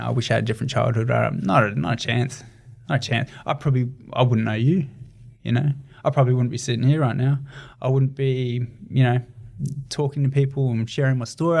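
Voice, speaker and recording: A man's voice: mid-range voice, creaky. A young adult man with an Australian accent, talking earnestly in a casual interview with many fillers and restarts. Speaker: guest, ultramarathon runner.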